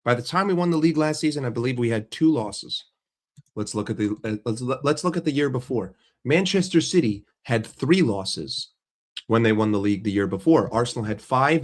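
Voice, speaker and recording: A man's voice: medium pitch, animated, normal speed. A man ranting as a football fan vlogger, blunt and sarcastic, with swearing and repeated phrases. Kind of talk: casual fan rant to camera.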